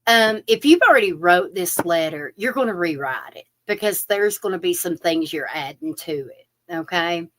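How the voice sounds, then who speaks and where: A woman's voice: fairly low pitch, moderate pace, few pauses. A woman giving a chatty live-stream tarot reading, talking straight to her viewers. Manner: chatty, animated, addresses viewers directly with fillers. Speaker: tarot reader.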